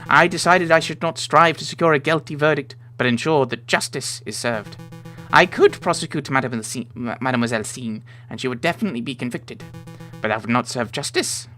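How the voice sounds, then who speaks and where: A man's voice: mid-range voice, brisk, few pauses, pushed and bright, faint music behind, close to an everyday voice. A man voicing an earnest young male sparrow prosecutor in a visual novel, reading the lines with feeling.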